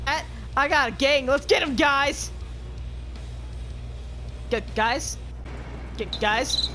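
A woman improvising profane character banter while playing a game, brash and prone to sudden shouts. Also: sits high, slow, over loud music. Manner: brash, swearing, bursts into shouts. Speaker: gamer voicing characters over party chat. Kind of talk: improvised profane role-play while gaming.

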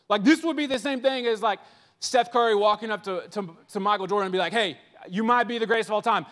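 A man preaching a lively youth sermon at a conference, acting out quick voices of the people in his stories. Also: high-pitched, big-room sound. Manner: animated, acts out voices of listeners and biblical figures. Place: large church hall.

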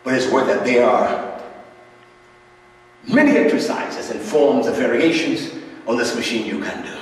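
Slow-talking middle-aged man in an echoey room. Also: medium pitch, slight background noise. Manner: plain, repetitive, checks in with the viewer. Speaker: preacher demonstrating a gym machine. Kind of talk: casual demonstration talk to camera. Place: indoor home gym room. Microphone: distant camera mic. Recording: echoey room, voice far from the mic.

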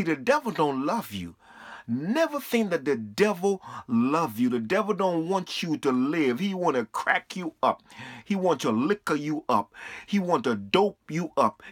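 A man's voice: mid-range voice, a bit bright, dry recording, clean studio sound. A man preaching fervently to a camera, repeating himself and quoting scripture. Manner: fervent, repetitive, quotes scripture. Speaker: street preacher.

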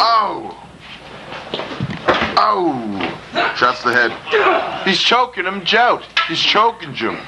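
A man doing profane, excited play-by-play of a backyard wrestling match while filming it, gasping and laughing. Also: high-pitched, very slow, pauses often, heavy background noise. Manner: swears often, loud gasps and laughs. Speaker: backyard wrestling commentator and cameraman.

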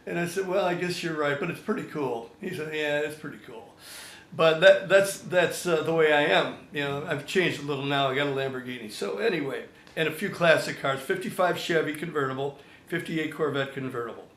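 An older man spins a lively anecdote and acts out every voice in it. His voice sits a little high, and the sound is roomy and echoey. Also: brisk. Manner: animated storyteller, acts out quotes. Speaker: songwriter guest. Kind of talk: storytelling anecdote. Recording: echoey room.

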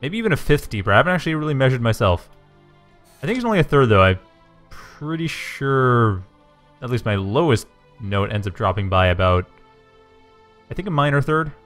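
A man casting a strategy game match with chatty play-by-play commentary, talking in a low morning voice after just waking up, often correcting himself and getting excited at the action. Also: a little fast, long pauses, soft background music. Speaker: game caster.

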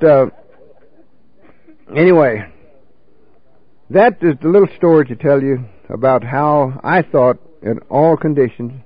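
A man's voice: mid-range voice, no echo, phone-quality sound. An older man telling a folksy, salty story of his drinking days to a recovery meeting, peppering it with "you know.".

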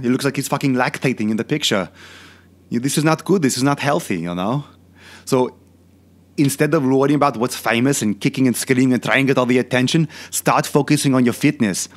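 A man's voice: medium pitch, lightly acted. A man playing a boastful, crude older Austrian bodybuilder turned film star in a comedic rant, with a heavy put-on Austrian accent. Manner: crude, ranting, boastful, repetitive filler questions. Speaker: fitness channel host.

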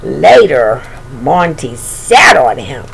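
A woman reading a children's picture book aloud, with expressive narration and chatty asides to the listener. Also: extremely low pitch, takes it slowly, gravelly, a little hiss or hum, rough recording. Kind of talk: storybook read-aloud.

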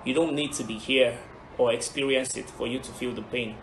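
A man's voice: medium pitch, steady tone, brisk, a little hiss or hum. A man introducing himself and delivering an impassioned monologue. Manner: earnest, impassioned. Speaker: reality show contestant. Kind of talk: audition video, spoken-word monologue. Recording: echoey room with music.

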